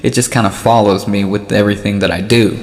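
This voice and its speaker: A man's voice: lowish voice, level tone, fast. A man doing a rambling, self-mocking stand-up comedy set, often laughing at his own jokes. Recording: live hall echo with loud noise.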